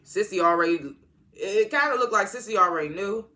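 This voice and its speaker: Bright voice, casual tv recap, lots of uh and like, rambly, kinda fed up. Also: mid-range voice, animated. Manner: rambling, halting recounting, full of fillers; exasperated asides. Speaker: TV episode reviewer.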